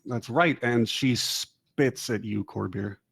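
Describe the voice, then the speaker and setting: A man's voice: medium pitch, takes it slowly, gravelly, a bit bright, slightly rough. A man running a tabletop game as game master, loose and profane with many fillers.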